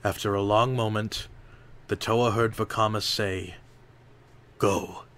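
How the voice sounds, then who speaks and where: A man reading an adventure audiobook aloud in slow, measured narration. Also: on the low side, steady tone, a bit bright.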